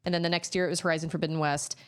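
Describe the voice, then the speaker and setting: A woman streaming a game, chatting casually and reacting with quick exclamations as she plays. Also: on the low side, clear, resonant tone. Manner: chatty, animated, quick exclamations and laughs while playing. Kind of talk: casual live-stream chat while gaming. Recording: faint game music behind.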